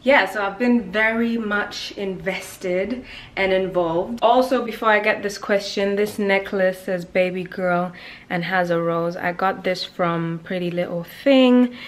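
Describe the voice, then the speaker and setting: A woman's voice: mid-range voice, measured pace, echoey room, recorded from a distance. A young woman vlogging a clothing haul, chatty and playful, with slang and jokey asides. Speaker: fashion vlogger. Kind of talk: casual haul vlog.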